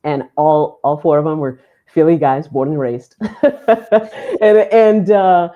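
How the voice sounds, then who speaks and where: A woman sports announcer telling a story in a podcast interview, animated and laughing often as she acts out what people said. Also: low voice, a little slow, phone-quality sound. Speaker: sports play-by-play announcer, guest.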